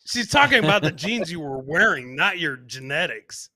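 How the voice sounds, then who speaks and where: Bright, husky man teasing his co-host. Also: on the high side, sing-song, moderate pace, no echo. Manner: teasing, needling, laughing interjections. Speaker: podcast co-host. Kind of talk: casual comedic podcast banter.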